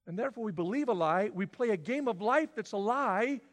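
A man preaching a sermon, swinging from loud, emphatic declarations to quiet, drawn-out lines. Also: sits high, animated, in a large hall. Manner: dramatic swings from shouting to near-whisper. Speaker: pastor.

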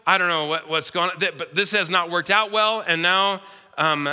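A man's voice: high-pitched, steady tone, normal speed, pushed and bright, smooth, voice pushed up. A man voicing a desperate poor widow and mother in a sermon, with pleading, exasperated questions. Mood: despairing. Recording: hall reverb.

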